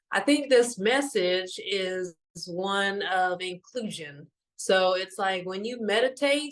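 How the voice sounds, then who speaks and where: A woman's voice: mid-range voice, slow pace. A young woman and mother, a meditation teacher talking loosely and emotionally through a spiritual card message, full of fillers. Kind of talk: casual spiritual talk.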